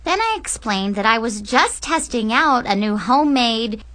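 A young adult woman reading a comic first-person story aloud as an audiobook narrator, animated and playful in delivery. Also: fairly high pitch, moderate pace.

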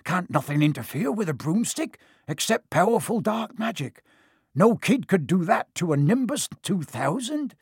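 A man voicing a huge, gentle, rough-spoken groundskeeper with rustic grammar. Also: a little high, very animated, measured pace, no room sound, clean studio sound, full character voice. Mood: worried. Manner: rustic, ungrammatical speech.

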